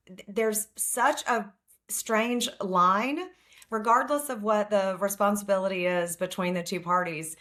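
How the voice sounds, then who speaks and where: A woman's voice: mid-range voice, fairly bright tone. Frank middle-aged woman lawyer guest. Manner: frank, plainspoken, storytelling. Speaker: family law attorney and author, guest. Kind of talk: casual interview chat.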